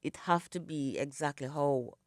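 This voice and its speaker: A woman's voice: deep voice, moderate pace, no room sound, clean studio sound. A middle-aged Jamaican woman, a singer, speaking reflectively in a radio interview, still in her morning voice and dotting her speech with "you know". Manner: reflective, storytelling, many "you know" fillers. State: morning voice, not yet warmed up. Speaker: singer and guest. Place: radio studio.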